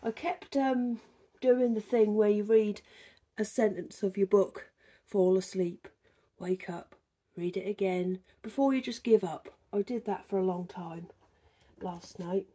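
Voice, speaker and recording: A woman's voice: medium pitch, measured pace, dark tone, breathy edge. A woman chatting casually to camera in a vlog, self-deprecating and talkative. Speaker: vlogger. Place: outdoors and at home.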